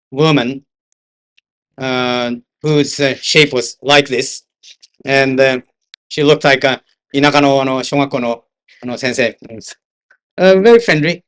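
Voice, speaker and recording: A smooth voice on the high side comes from an older male interpreter with a Japanese accent. His seminar is an anecdotal lecture told as stories, with the odd slip into Japanese.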